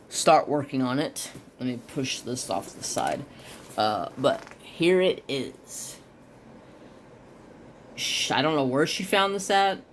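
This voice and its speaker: A man hosting a craft video, rambling with hesitations and restarts, chatting casually at home. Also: slight background noise. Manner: baby-talks high-pitched to his dog. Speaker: craft channel host.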